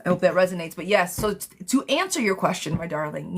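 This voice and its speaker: A woman's voice: on the low side, animated, fairly quick, husky. A woman doing a live-stream tarot reading, chatty and affectionate, who calls her viewers darling and sweetheart. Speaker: tarot reader.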